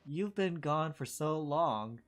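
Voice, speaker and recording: A man's voice: a little high, expressive, slow, voice pushed up. A man voicing a stern, fed-up woman who runs a guild and scolds curtly.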